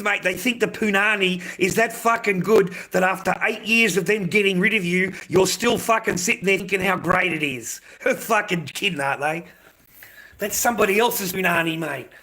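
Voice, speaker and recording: A man's voice: high voice, moderate pace, pushed and bright. An Australian man with an Australian accent, ranting aggressively and profanely at his live-stream chat.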